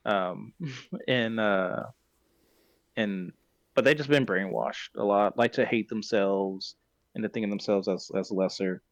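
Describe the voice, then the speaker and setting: A man's voice: on the low side, measured pace, no echo, muffled recording. A man hosting a podcast, recapping a story in casual chat and often correcting himself mid-sentence. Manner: rambling, self-correcting retelling. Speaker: podcast host.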